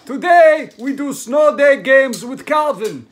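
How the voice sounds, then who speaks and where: A man's voice: extremely high pitch, slow, heavily acted. A father voicing a silly male bear puppet who hosts a home show in broken English, with faint noise behind. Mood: goofy. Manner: broken English, playful, excitable.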